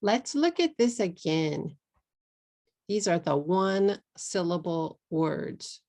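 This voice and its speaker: Slow, gravelly Texan woman teaching pronunciation. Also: lowish voice, lively intonation, mellow. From Texas. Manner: drills words slowly and repeats them clearly; mixes in simple Japanese words. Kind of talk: slow, deliberate pronunciation lesson.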